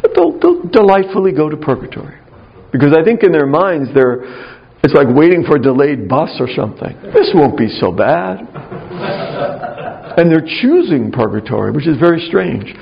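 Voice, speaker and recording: A man's voice: on the high side, very animated, a little fast, creaky. A man giving a conversational spiritual talk to clergy, wry and anecdotal, telling stories from his childhood. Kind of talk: spiritual talk with personal storytelling. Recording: dull lo-fi recording.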